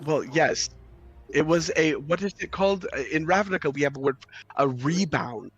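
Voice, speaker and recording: A man playing in a tabletop game, speaking in an earnest and animated way. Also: a little high, moderate pace, husky, faint music behind. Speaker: player. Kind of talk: role-playing game chat.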